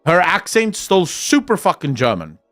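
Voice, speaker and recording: A man's voice: on the high side, huge pitch swings, normal speed, a bit bright, no room sound, faint music behind. A young man chatting casually on his stream, rambling and swearing freely. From South Africa. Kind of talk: casual chat reacting on stream.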